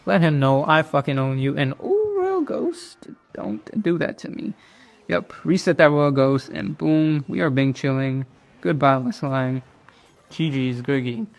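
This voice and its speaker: A man's voice: mid-range voice, measured pace, gravelly. A young man telling a story and commenting on his own gameplay in a loose, joking way, swearing freely. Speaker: gaming youtuber.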